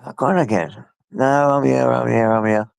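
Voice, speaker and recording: Streaming live on his phone, this Englishman talks loosely and addresses his pets, his nose stuffed up as flu sets in. The voice sits mid-range with fairly even intonation at a normal speed, gravelly yet clear and resonant, recorded dry.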